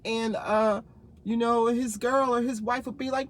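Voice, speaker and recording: Woman, 50s, from New Jersey; casual vlogger, rambling anecdotes, quick laughs, lots of asides. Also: a little high, fairly even intonation, slight background noise. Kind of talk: casual storytelling to camera.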